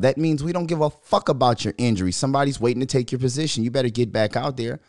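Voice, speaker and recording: A man hosting his own podcast, talking sports in a loose, profane style, often laughing and getting loud. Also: medium pitch, quick pace, hardly any pauses, no echo, studio quality. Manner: loud, animated, laughing, swears a lot. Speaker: podcast host. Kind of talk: casual profane sports commentary.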